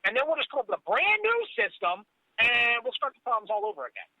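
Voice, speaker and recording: A man's voice: very high voice, huge pitch swings, fast talker, dry recording. A man hosting a casual political talk show, blunt and sarcastic, with swearing. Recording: dull lo-fi recording.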